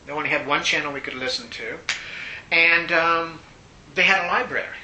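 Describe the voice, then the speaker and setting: An older man being interviewed, telling stories in a casual, animated way and laughing often. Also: normal speed. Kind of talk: casual storytelling. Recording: roomy echo, faint rumble.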